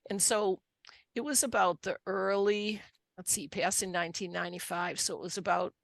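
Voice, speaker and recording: Low gravelly woman with a Boston accent. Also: a bit bright, no echo. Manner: earnest, unhurried, with restarts and repeated words. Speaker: guest. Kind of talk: personal storytelling in an interview.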